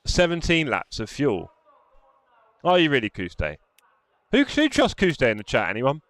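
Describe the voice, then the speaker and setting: A man's voice: medium pitch, wildly swooping pitch, measured pace, fairly bright tone. A man chatting casually while sim racing on a live stream, reading out chat. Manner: chatty, reads chat aloud while driving. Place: home sim racing rig.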